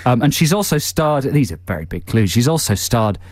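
A man hosting a comic radio show, teasing and mock-bossy in quick banter. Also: mid-range voice, big pitch swings, darkish tone. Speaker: radio host. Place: radio studio.

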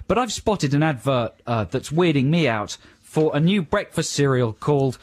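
A man in his thirties co-hosting a radio show in casual banter, playful and quick to mimic voices. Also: on the high side, lively intonation. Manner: playful, puts on silly voices mid-story. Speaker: radio co-host. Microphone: studio microphone.

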